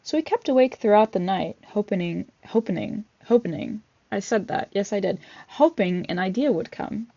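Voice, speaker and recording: A woman's voice: medium pitch, expressive, moderate pace, creaky, few pauses, warm tone. A woman vlogger reading a picture book aloud, with chatty asides and fillers between pages. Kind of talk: casual read-aloud with commentary. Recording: dull lo-fi recording.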